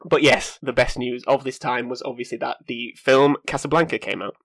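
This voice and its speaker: A man's voice: medium pitch, steady tone, normal speed, vocal fry, a bit bright, no room sound. A man hosting a casual film podcast, joking wryly and laughing through his lines. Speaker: podcast host presenting news segment.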